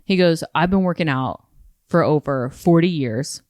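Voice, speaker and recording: A woman's voice: low-pitched, moderate pace, a little mellow, dry recording, studio quality. A woman, a guest comedian, telling stories on a casual podcast, acting out quotes and swearing freely.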